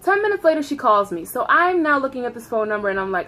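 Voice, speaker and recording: Woman, 30s, storytime vlogger; slightly high, lively and profane. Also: fast talker, few pauses. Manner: animated, profane, laughing. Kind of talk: storytime vlog.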